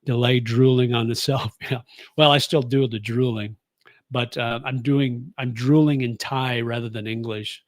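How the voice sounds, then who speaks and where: In a dry recording, a man in his sixties from the US speaks in a steady, mid-range voice, a little on the slow side. He's a vlogger casually answering viewer comments, rambling easily with many fillers and false starts.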